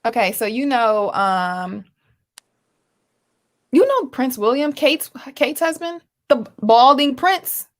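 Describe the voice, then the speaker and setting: A woman co-hosting a casual live talk show, chatty and animated, laughing often as she talks. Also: sits high, slow. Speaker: co-host. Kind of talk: casual chat.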